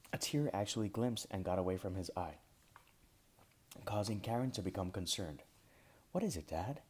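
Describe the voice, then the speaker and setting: Give me a low-pitched man narrating his own story gently, with small restarts.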